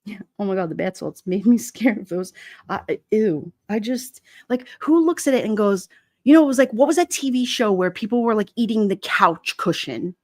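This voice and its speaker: A chatty middle-aged woman hosting a casual live stream, laughing often and rambling through her stories with plenty of fillers. She sits close to the mic in a dry, dead-sounding space, her pitch right in the middle. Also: lively intonation, moderate pace, no echo. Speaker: livestream host. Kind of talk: casual live-stream chat reading comments.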